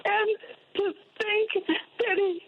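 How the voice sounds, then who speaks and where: A woman's voice: extremely high pitch, fairly even intonation, very slow, a little hiss or hum. A woman calling in to a radio show, distraught and crying. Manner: distraught, tearful. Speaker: caller. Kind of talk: call-in radio. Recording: muffled phone line.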